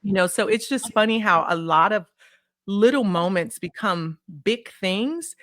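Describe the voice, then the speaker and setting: A woman guest on a podcast, telling personal stories in a casual, animated way and acting out remembered dialogue. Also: medium pitch, a little slow, dry recording, studio quality. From Illinois, USA. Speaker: podcast guest, consulting firm CEO. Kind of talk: casual interview storytelling.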